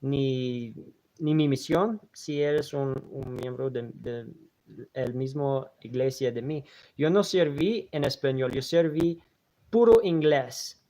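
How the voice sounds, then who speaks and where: A man hosting a casual live stream, warmly thanking viewers and rambling with many fillers and restarts. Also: medium pitch, unhurried. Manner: warm and grateful toward viewers. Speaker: channel host reading viewer donations.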